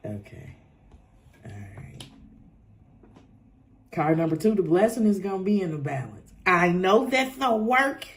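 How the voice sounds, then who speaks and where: A woman giving a casual tarot reading straight to the viewer, blunt and swearing, often laughing. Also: a little high. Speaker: tarot reader.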